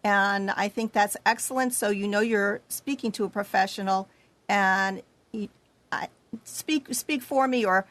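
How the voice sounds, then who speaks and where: A woman's voice: mid-range voice, a little slow, fairly bright tone, no echo. A woman host introducing a guest in a chatty manner with some hesitant fillers.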